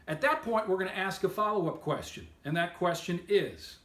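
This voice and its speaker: Man, sales coach, upbeat and emphatic, slightly high voice, roomy echo. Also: lively intonation, brisk, few pauses, fairly bright tone. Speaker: sales trainer. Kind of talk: instructional talk to camera.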